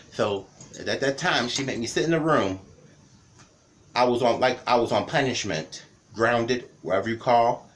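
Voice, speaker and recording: A man's voice: medium pitch, normal speed, a little hiss or hum. A man in his thirties from the Cleveland area, telling childhood stories in a casual, rambling vlog with lots of repetition. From Cleveland area, Ohio. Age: 30s. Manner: rambling, repeats words, lively telling. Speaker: vlogger.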